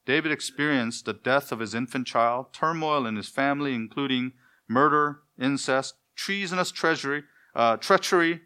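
A male pastor preaching with a bright, forceful tone and a mid-range pitch. He hammers his points home with quick rhetorical questions he answers himself. His delivery swings between loud emphasis and quieter, confiding stretches. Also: clean tone. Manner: acts out dialogues between parent and child. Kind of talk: sermon.

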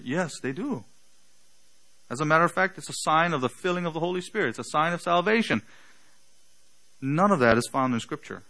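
A male pastor preaching a sermon. He speaks slowly and deliberately with a slight non-native accent and poses emphatic rhetorical questions. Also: mid-range voice, a bit bright, rough recording.

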